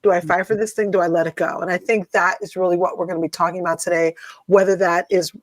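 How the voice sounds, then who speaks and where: A woman's voice: fairly low pitch, fairly even intonation, fast, dry recording, poor audio. Reflective woman podcast co-host, dry sound. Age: middle-aged. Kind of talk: casual chat.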